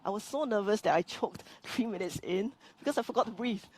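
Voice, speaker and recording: Brief: coach, woman, earnest and animated, restarts her sentences, mid-pitched voice. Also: a little fast, dry recording. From Singapore. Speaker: business coach. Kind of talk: live-stream interview guest.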